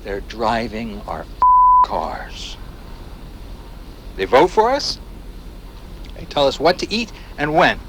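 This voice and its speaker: An actor playing a paranoid, fiery male agitator in a video game, delivering an impassioned rant that swings from hushed menace to near-shouts. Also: medium pitch, sing-song, takes it slowly, long pauses, noisy background. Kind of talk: video game voice acting, radio-style monologue.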